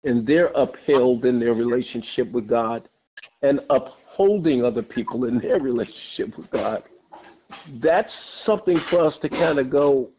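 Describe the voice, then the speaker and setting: Earnest pastor on a phone call. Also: male voice, mid-range voice, dark tone. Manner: slow, earnest exhortation with many amens. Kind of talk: church Bible study call. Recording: dull lo-fi phone call audio.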